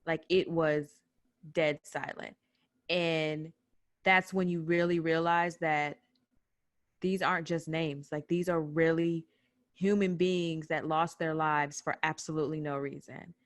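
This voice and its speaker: A young adult woman from the United States, telling a personal story on a podcast in an animated way, acting out what people said. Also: deep voice, a little slow, no echo, clean studio sound. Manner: animated retelling with quoted voices. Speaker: podcast guest recounting a protest. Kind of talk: personal storytelling in casual chat.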